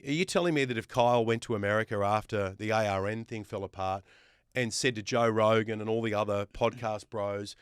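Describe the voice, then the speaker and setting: A man with an Australian accent talks in a casual podcast chat. He makes his case with firm emphasis and stacks up lists of examples. His voice is smooth and resonant, and the recording is close and dry. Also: fairly low pitch, fairly even intonation, brisk, dry recording. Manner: emphatic, builds points with lists. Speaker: guest host.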